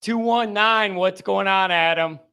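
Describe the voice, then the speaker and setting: A man hosting a call-in show, chatting casually and telling stories in an animated way. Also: high-pitched, measured pace, clear, resonant tone. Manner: animated, talkative storyteller. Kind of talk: casual chat.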